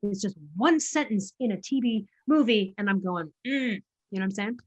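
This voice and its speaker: A woman podcast host speaking in an animated, candid way, swearing now and then for emphasis. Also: medium pitch, moderate pace. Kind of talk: podcast conversation. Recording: dull lo-fi sound.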